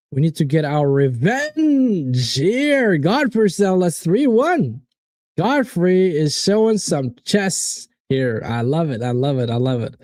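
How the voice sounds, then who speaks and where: Casual male stream host, animated and profane, warm dark tone, dry booth sound. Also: on the high side, no room sound. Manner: animated, swearing, reads out chat predictions. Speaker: watchalong host. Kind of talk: casual live-stream football chat.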